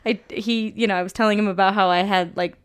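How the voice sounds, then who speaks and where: A woman's voice: medium pitch, fairly even intonation, fast, clear, resonant tone. Young woman podcast co-host, chatty and giggly, loose casual talk. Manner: chatty, giggly, trailing fillers. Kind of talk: casual chat.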